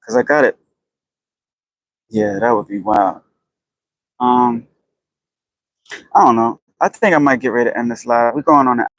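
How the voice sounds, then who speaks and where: A man rambling casually and profanely on a phone live stream while walking outdoors, getting animated as he talks. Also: mid-range voice, moderate pace, pauses often, lo-fi sound. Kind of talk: casual live-stream chat about boxing. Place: outdoors in the heat. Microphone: phone held while walking outdoors.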